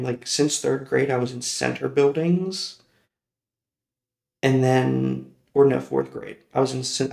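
A man's voice: mid-range voice, gravelly, a little mellow. A man hosting a personal storytelling podcast, rambling and correcting himself as he goes, laughing often. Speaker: podcast host. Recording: roomy echoey recording.

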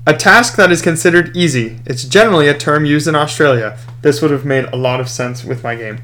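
A man's voice: fairly high pitch, fairly quick, sharp tone. A tipsy man co-hosting a casual podcast, joking and swearing. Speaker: podcast co-host. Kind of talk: casual chat.

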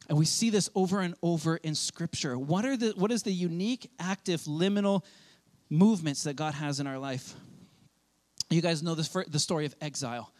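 A man, a pastor, preaching a sermon in a loose, conversational way, acting out quick quoted asides. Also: a little high, darkish tone.

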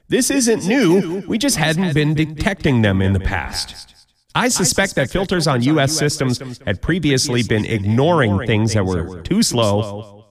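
A man hosting a podcast countdown of odd news stories, with jokey, wry asides. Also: mid-range voice. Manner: jokey, wry asides, mock quoted voices. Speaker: podcast host.

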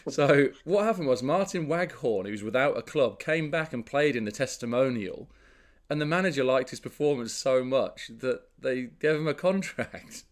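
A man's voice: mid-range voice, lively intonation, moderate pace. Chatty man on a football podcast. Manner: chatty, laughs easily. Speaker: podcast co-host. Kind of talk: casual chat.

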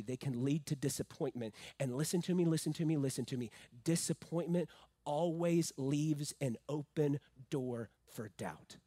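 A male pastor delivers a sermon with strong emphasis. His voice sits high and swings between loud peaks and hushed, low phrases, with playful asides in between. The sound is dry and close, with no room echo.

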